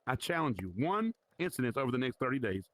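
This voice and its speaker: A man's voice: medium pitch, big pitch swings, fast, a bit bright, no echo. A man leading an informal Bible study in a virtual reality church, talking conversationally and challenging his listeners.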